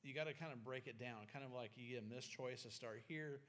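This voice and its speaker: A man co-presenting a parenting class, relaxed and plain-spoken, with loose restarts. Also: medium pitch, brisk. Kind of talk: casual class talk.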